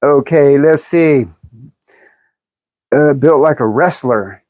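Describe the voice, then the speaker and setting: A woman's voice: deep voice, slow, darkish tone, no room sound. A woman in her fifties chatting bluntly and jokingly on a livestream, reading viewer comments aloud and laughing often. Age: 50s. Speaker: livestream host. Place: in California.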